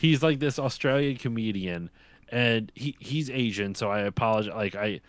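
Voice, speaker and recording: A man of middle pitch telling a story on a live stream, animated and quick to curse. His voice sits close and dry, with no room sound around it. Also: no room sound. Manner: animated storyteller who swears freely. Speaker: streamer co-host. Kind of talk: casual chat on a live stream.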